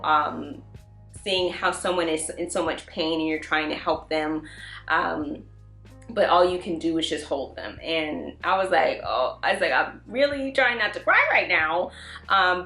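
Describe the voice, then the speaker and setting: A woman casually recapping and reviewing TV episodes in an animated way, often acting out the characters' lines. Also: sits low, roomy sound. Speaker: TV review vlogger.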